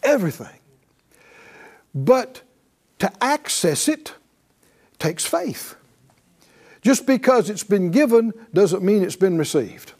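Animated high-voiced preacher. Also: male voice, slow, pauses often. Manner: animated, call-and-response, laughs often. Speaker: pastor. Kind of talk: sermon.

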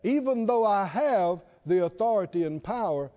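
A man preaching a sermon, animated and laughing often, drawing call-and-response from the congregation. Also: high voice, normal speed. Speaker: pastor. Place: large church hall with congregation. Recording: dull lo-fi hall recording.

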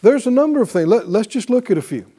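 With an extremely high, sing-song voice that is mellow and a bit breathy, a man teaches a sermon. He goes slowly, asking questions and drawing call-and-response answers from listeners.

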